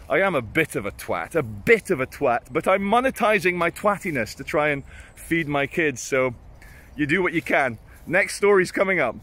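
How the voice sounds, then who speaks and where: A man's voice: on the high side, fairly bright tone. A man telling blunt, self-mocking stories outdoors in casual vlog style and swearing freely. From Britain. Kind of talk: casual storytelling. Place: outdoors at sunrise.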